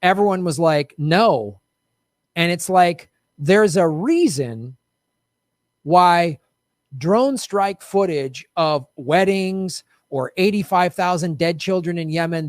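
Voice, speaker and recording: A man's voice: high voice, slow, dry recording, clean studio sound. A middle-aged man hosting a casual political commentary show, heated and sarcastic, swearing freely.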